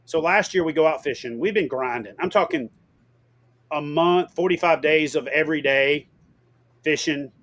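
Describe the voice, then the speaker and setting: A middle-aged man tells stories as an interview guest in a fairly high voice. He talks in an animated way, swears casually and loudly acts out what people said. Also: moderate pace.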